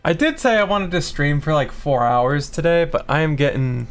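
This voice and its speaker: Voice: medium pitch, lively intonation, normal speed. A tired streamer chatting casually while working at a computer, muttering to themself, humming little sound effects, and grumbling and swearing now and then. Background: faint background music.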